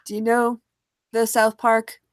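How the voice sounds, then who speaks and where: A woman's voice: fairly high pitch, completely flat delivery, unhurried, clean tone, dry recording, clean studio sound. A woman co-hosting a podcast, chatting casually about a video and laughing often. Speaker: podcast co-host. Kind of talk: casual chat reacting to a video.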